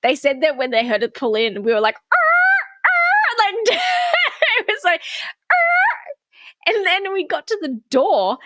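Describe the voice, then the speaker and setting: A woman co-host tells a story in a lively, higher voice, acting out every quote and swearing freely. The sound is dry and close, with no room around it. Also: moderate pace, no room sound. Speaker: podcast co-host. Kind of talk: casual storytelling chat.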